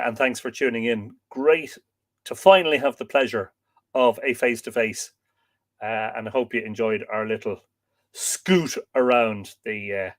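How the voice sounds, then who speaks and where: An Irish man hosting a live stream, reading out viewer comments and chatting in a relaxed, rambling way with lots of fillers. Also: medium pitch. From Ireland. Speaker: host.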